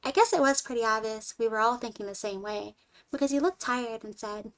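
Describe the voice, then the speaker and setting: A woman streamer reading a short story aloud in an expressive way, moving between lively and hushed delivery. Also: a little high, brisk.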